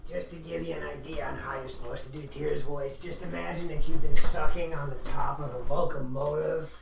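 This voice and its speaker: A man with a gravelly voice, a player teasing his friends at the game table. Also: on the high side, steady tone, brisk. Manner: teasing, mischievous. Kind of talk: casual chat at a tabletop game. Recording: echoey room from far off, loud noise.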